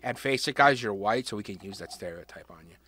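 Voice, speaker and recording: A man's voice: fairly low pitch, fast, pushed and bright. A man co-hosting a casual podcast, talking bluntly and joking with a lot of profanity. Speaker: podcast co-host.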